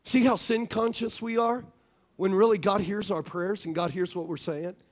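A man's voice: high-pitched, fairly even intonation, moderate pace. A man preaching as a pastor, joking and laughing often, on a wireless stage mic in a church. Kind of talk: sermon.

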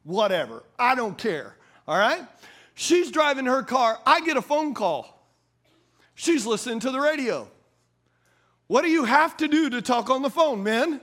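High-voiced man preaching with humor. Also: very animated, moderate pace, fairly bright tone. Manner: playful, calls out to the audience for agreement; conversational, drops into folksy slang. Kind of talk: humorous sermon.

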